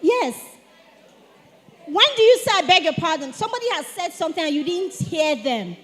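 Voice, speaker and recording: High-voiced woman teaching teens. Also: moderate pace. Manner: animated, asks the audience to respond. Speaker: speaker at a teen church retreat. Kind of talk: lively teaching talk to teenagers. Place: church hall. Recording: long hall reverb.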